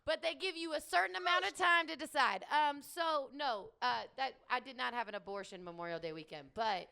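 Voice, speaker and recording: A woman's voice: sits high, fairly quick, creaky, sharp tone, clear, resonant tone. A woman co-hosting a podcast, chatting casually with blunt, joking banter. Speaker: podcast co-host. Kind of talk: casual chat.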